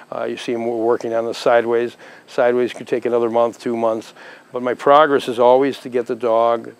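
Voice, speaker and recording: A man's voice: mid-range voice, a little mellow, low-quality recording. A man training a dog, giving repeated short commands and praise, then casually explaining the progress. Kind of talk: dog training demonstration with commentary.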